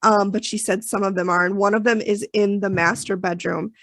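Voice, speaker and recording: A woman's voice: mid-range voice, steady tone, fairly quick, fairly bright tone, no echo. A woman co-hosting a podcast, recapping an episode in emotional, chatty talk full of fillers and restarts. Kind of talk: casual chat.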